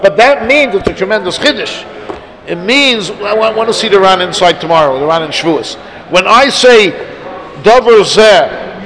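A man giving a Talmud lecture to his students, arguing his points aloud with emphasis. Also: high-pitched. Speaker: Talmud teacher. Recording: noisy class of listeners.

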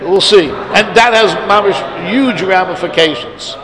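A man's voice: high voice, lively intonation, unhurried, crowd noise. A man giving a Talmud lecture to his students, arguing his points aloud with emphasis. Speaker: Talmud teacher. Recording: noisy class of listeners.

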